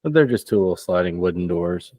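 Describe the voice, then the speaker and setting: A man narrating a tabletop role-playing game as game master, relaxed and chuckling as he describes scenes. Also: low-pitched, a little fast, dry recording.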